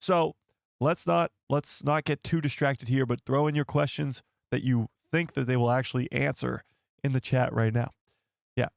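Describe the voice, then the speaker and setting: A man hosting a casual live stream and chatting with viewers, with a hoarse voice that is almost gone. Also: medium pitch, normal speed, dry recording, studio quality. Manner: laughing fits, excitable, chatty with viewers. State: losing his voice. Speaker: YouTube livestream host. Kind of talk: casual livestream chat.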